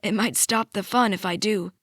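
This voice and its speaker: A woman narrating an audiobook voices a frail, slightly breathless older grandmother who talks tenderly and teases gently. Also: medium pitch, steady tone, moderate pace, no echo, clean studio sound, lightly acted. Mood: affectionate. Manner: tender, doting, gently teasing. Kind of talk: audiobook character voice.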